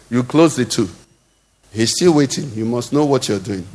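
Here the Nigerian pastor's mid-range voice is expressive and darkish, and he takes his sermon at a measured pace. He poses frequent rhetorical questions to the congregation in a lilting, rising rhythm, with the church hall giving a long echo.

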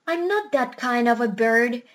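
A woman's voice: a little high, lively intonation, a little slow, a bit bright. A woman voicing a clever, self-assured female parrot in a storybook reading. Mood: confident.

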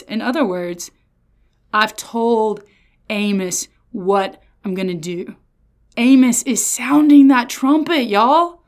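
A woman giving a casual Bible lesson, retelling stories in lively slang with playful voices. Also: high voice, normal speed. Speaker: Bible teacher.

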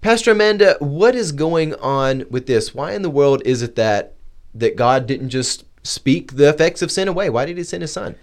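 Animated man hosting a faith podcast. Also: fairly high pitch, normal speed. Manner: animated, emphatic questioning. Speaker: pastor and podcast host. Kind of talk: Christian discussion podcast.

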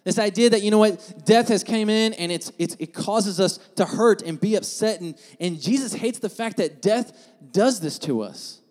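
Fairly high-voiced preacher building emphasis. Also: male voice, animated, normal speed, few pauses. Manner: earnest, repeats words as he builds emphasis; swings from hushed scripture reading to loud, rising emphasis. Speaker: pastor. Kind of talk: sermon.

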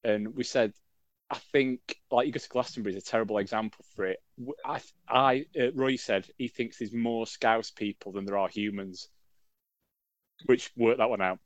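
A man's voice: mid-range voice, normal speed, no echo. Rambling, jokey male podcast host. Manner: rambling, jokey, lots of fillers and self-corrections. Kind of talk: casual chat.

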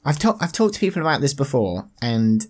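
A man's voice: mid-range voice, sing-song, a little fast. Rambling young man chatting. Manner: rambling, earnest, trails off into odd theories. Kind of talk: casual chat.

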